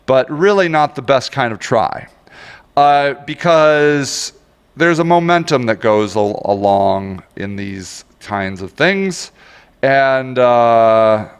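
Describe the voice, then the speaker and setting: A man's voice: mid-range voice, animated, slow pace, clear, resonant tone, long reverb tail. A man giving a casual, rambling screen-share tutorial on social media marketing, joking at his own expense and grumbling when the tool won't cooperate. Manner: rambling, self-mocking, easily frustrated.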